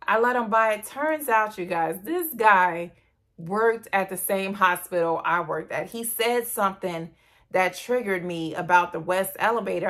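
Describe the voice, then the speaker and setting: A woman's voice: mid-range voice, measured pace, a bit bright. A woman beauty vlogger chatting casually and gushingly to her viewers in a perfume review. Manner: gushing, chatty, addresses viewers as "you guys".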